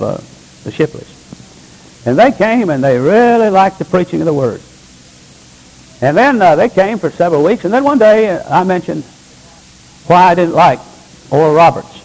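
A man preaching a sermon from the pulpit, asking the congregation rhetorical questions and swinging between low, emphatic lines and high exclamations. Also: a little mellow, husky, low-quality recording. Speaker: pastor. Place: church.

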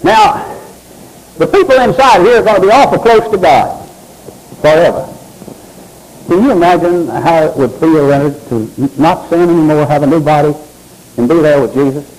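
A man's voice: a little high, lively intonation, normal speed, pauses often, a little mellow, low-quality recording. A man preaching a sermon in a church, reading scripture aloud and calling on members of the congregation by name. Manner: preaching with swooping emphasis, addresses congregants by name. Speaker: pastor.

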